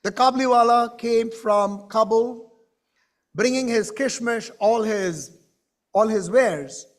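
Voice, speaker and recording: A man telling a story to a conference audience in an animated way, with questions to the crowd. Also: very high-pitched, slow. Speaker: keynote speaker. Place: conference stage.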